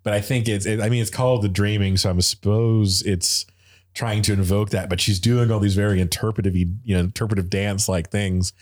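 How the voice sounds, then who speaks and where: A man's voice: lowish voice, fairly even intonation, brisk. A man talking casually and enthusiastically about music, rambling with lots of fillers and restarts.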